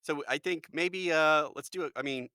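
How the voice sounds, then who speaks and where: An American man, a voice actor, chatting in a lively, jokey way as a podcast guest. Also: a little high, normal speed, smooth, no echo, studio quality. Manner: animated, jokey, full of fillers. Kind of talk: casual podcast chat.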